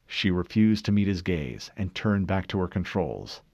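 A man reading a novel aloud in measured, expressive scripted narration. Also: deep voice, no echo, highs cut off. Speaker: audiobook narrator.

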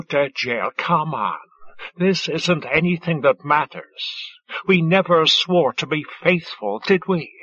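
A male narrator voicing a sardonic adult woman who stays calm, ironic and crude under attack. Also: fairly low pitch, slightly rough, no echo, dull audio, full character voice. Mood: placating.

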